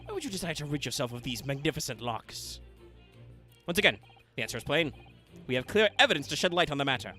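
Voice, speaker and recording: Man hamming up a swaggering gentleman detective, lively sweeping delivery, bright edge. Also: fairly high pitch, fast, faint music behind. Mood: grandiose. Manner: theatrical, declamatory. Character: flamboyant male detective, grand and self-assured.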